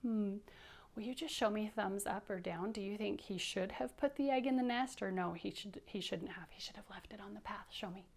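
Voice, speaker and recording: A woman teacher reading a picture book aloud to young children, animated, dropping into hushed whispered asides. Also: medium pitch, moderate pace.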